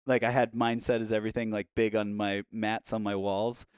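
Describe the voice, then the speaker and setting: Smooth-voiced man telling a rambling story. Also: on the low side, flat delivery, brisk, no room sound, clean studio sound. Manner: profane, rambling, heavy with fillers. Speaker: podcast guest. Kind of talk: casual storytelling.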